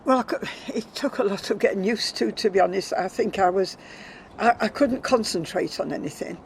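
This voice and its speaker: A woman's voice: medium pitch, a little fast, gravelly, a little hiss or hum, low-quality recording. An older woman speaking as an interview guest, candid and emotional, often trailing off with repeated 'and'. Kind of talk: emotional personal storytelling.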